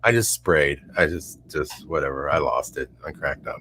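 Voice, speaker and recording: A man's voice: extremely low pitch, animated, moderate pace, bright, forceful tone. A middle-aged man hosting a call-in show, chatting casually and rambling, often laughing and restarting his sentences. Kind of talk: casual chat.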